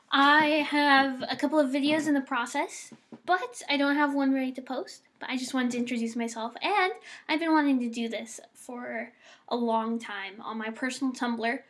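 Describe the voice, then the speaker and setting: A woman's voice: high voice, fairly even intonation, normal speed, a bit bright. A young woman from the United States in a casual, bubbly vlog, reading words for an accent challenge. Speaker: vlogger.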